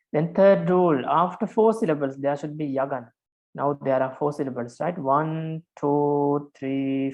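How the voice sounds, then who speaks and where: Patient monk teaching with a gravelly voice. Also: male voice, a little high, a little mellow, dull audio. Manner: patient, counts syllables aloud, frequent fillers and repeats. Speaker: Pali teacher. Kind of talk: online lesson on verse meter.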